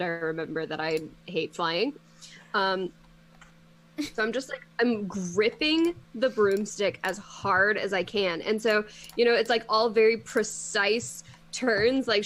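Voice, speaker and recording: A woman player describing her character's actions in a tabletop game, hesitant and full of fillers. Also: mid-range voice.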